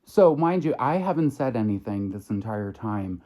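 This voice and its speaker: A man in a storytime vlog, recounting an incident in a measured, incredulous way. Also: lowish voice, sing-song, warm tone. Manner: measured, incredulous retelling with acted quotes. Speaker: makeup artist vlogger.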